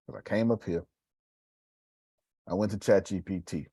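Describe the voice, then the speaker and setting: Male motivational speaker, low husky voice, animated and preachy, dry close sound. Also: moderate pace, no echo. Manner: animated, swings between loud bursts and hushed asides. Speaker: motivational speaker on live video. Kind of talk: casual preacherly live talk.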